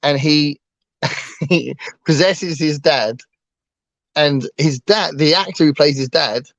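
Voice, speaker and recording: A man's voice: on the high side, takes it slowly, a bit bright, dry recording. English man co-hosting a casual chat, light voice, dry muffled stream audio. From England. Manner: chatty, self-deprecating, laughs often. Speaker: co-host.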